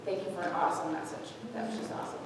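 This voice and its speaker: A woman's voice: fairly low pitch, racing. A woman in her forties giving an emotional personal testimony at a church service, heartfelt and laughing through tears. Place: church sanctuary. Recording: echoey church hall, distant mic, noisy.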